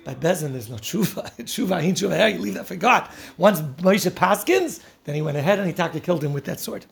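A man with a high, gravelly voice gives an animated Torah talk. He tells each story with energy and often laughs as he goes. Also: a little fast. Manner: animated storytelling, laughing often, mixing Yiddish and Hebrew terms. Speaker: Torah teacher.

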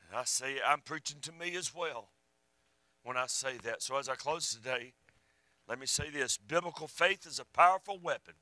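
A man preaching a sermon, fervent one moment and hushed the next, with a drawl. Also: medium pitch, moderate pace, no room sound, low-quality recording. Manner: fervent, rising and falling, drops to a hush.

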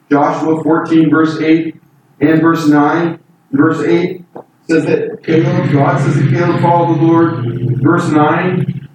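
A man's voice: on the high side, a little mellow. A man preaching a Bible sermon in an earnest, emphatic way, voice lifting on key points. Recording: echoey room from far off with faint noise.

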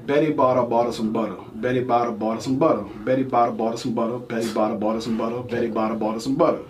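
A man who talks fast and cocky as a podcast guest. He teases the others as he goes. He sits away from the mic, and lots of background chatter comes through. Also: medium pitch, fairly even intonation, far from the mic. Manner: cocky, teasing. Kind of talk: casual podcast banter.

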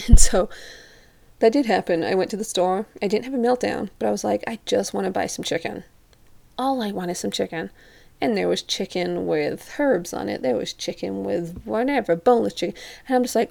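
A woman's voice: mid-range voice, brisk, gravelly, dark tone. A young woman from Europe telling a casual story to the camera, chatty and leaning on "like" constantly, acting out what others said. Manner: chatty, says "like" constantly, acts out quotes. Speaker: vlogger.

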